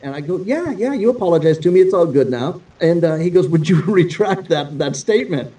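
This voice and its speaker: A male guest guitarist telling stories in a casual, animated, profane way, acting out the dialogue he quotes. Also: fairly high pitch, brisk, recorded from a distance, low-quality recording. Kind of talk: casual storytelling.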